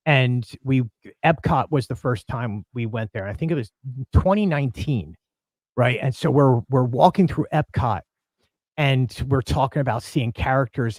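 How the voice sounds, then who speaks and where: A man hosting a casual fan podcast, telling animated stories and acting out quoted lines with big swings of pitch. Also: dry recording. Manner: excitable, acts out quotes with big jumps in pitch. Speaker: podcast host. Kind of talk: animated storytelling chat.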